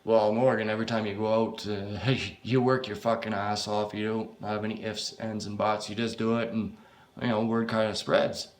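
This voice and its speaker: A man's voice: on the low side, level tone, normal speed, close to an everyday voice. A man voicing a weary, desperate male friend who pleads hesitantly and swears as he pushes a job offer. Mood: urging.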